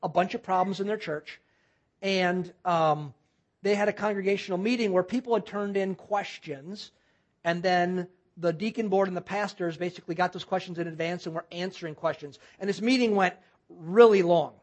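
A minister telling a story in a sermon, earnest, halting and restarting often. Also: mid-range voice. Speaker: guest minister.

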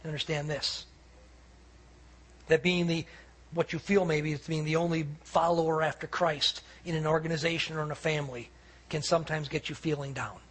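A man preaching a sermon with a husky, somewhat raspy voice that sits high for a man. He tells stories in an animated way, acting out what people said. He speaks as a pastor to his congregation. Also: normal speed.

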